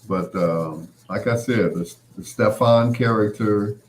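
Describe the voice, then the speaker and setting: A man's voice: lowish voice, slow pace, a little hiss or hum. A middle-aged man hosting a podcast, chatting loosely in a rambling way with lots of "you know" fillers and acted-out quotes. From Chicago area. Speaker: podcast host. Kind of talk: casual storytelling chat.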